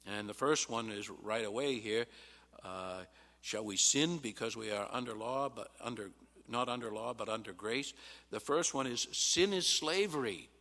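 A pastor giving a Bible sermon in an emphatic teaching manner, pausing on "uh" and rising sharply on quoted replies. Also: male voice, lowish voice, fairly bright tone. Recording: long hall reverb.

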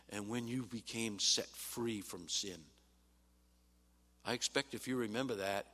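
A man's voice: medium pitch, a bit bright. Man preaching in a reverberant hall. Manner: emphatic Bible teaching with frequent "uh" pauses, rising sharply on quoted replies. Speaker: pastor. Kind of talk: sermon.

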